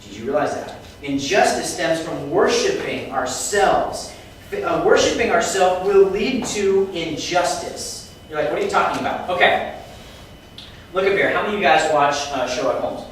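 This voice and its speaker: Guy with a high voice teaching a youth bible class, keeps asking the kids stuff, super echoey room, mic far away. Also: measured pace, slight background noise. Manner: lively, quizzes the class with questions. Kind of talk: Bible lesson to students. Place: classroom with students.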